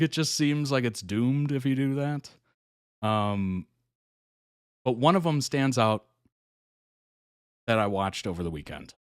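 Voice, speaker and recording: A man's voice: on the low side, no room sound. Chatty man with a dry close mic. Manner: chatty storyteller, chuckles often, quotes people in animated voices. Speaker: reaction video host. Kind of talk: casual chat recounting a reality show.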